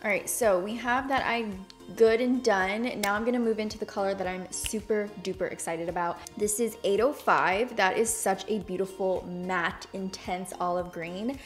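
A woman's voice: medium pitch, fairly even intonation, moderate pace, faint music behind. Bubbly young woman doing a makeup tutorial. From Hispanic background, speaks without Spanish accent. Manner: bubbly, enthusiastic, chatty. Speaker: beauty YouTuber.

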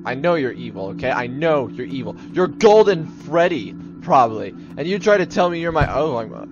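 A young gaming channel host with a fairly high voice and lively intonation commentates on a horror game at normal speed. Nervous and jumpy, he mocks himself, whispers and then yelps, over faint game music in a dull, lo-fi capture.

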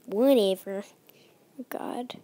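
A woman's voice: mid-range voice, very slow, warm tone, slight background noise. A young woman commentating a horror game as she plays, nervous and often dropping to a whisper. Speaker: let's play gamer.

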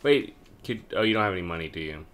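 A man's voice: low-pitched, expressive, fast, a bit bright. A man making dry, wry remarks while his friends play a game. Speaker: co-host. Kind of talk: casual gameplay banter.

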